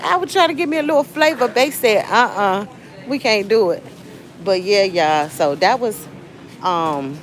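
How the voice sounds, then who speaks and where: A chatty woman with a Southern US accent, talking straight to her livestream viewers on a handheld phone as she shops. Clear store noise and ambience sit under her voice. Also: medium pitch, poor audio. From Southern United States. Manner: chatty, talks straight to viewers with sudden exclamations. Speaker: livestream host. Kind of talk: casual livestream chat. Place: grocery store.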